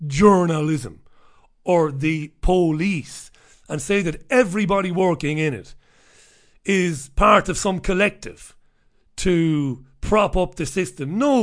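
A man runs a casual talk radio monologue, his voice sitting a little higher than most men's. He is sardonic and offhand and chuckles between asides. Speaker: radio show host.

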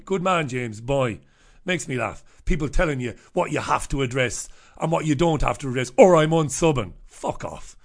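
Blunt, profane man hosting a stream. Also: medium pitch. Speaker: live stream host. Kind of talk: casual live stream chat.

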